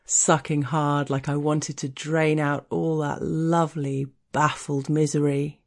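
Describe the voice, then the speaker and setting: Low-voiced woman narrating an erotic story. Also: a little mellow. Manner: slow, deliberate, teasing, dropping at times to a whisper.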